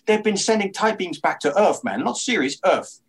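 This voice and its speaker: Conspiratorial man, lively up-and-down voice. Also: high-pitched, normal speed. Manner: conspiratorial, rambling, ends lines with "man". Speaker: tabletop role-player. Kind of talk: in-character tabletop role-play.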